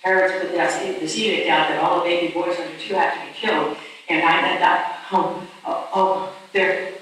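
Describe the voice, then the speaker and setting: A woman's voice: fairly low pitch, steady tone, moderate pace, a bit bright, a little hiss or hum, close to an everyday voice. A woman voicing a frightened village mother who stammers and repeats herself, in an echoey hall, recorded from a distance.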